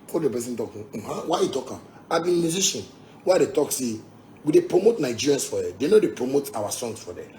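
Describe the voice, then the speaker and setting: A Ghanaian musician with a Ghanaian Pidgin English accent rants heatedly at his fans in a mid-range voice, with slight background noise. He's combative and repetitive, swearing and throwing in laughing asides.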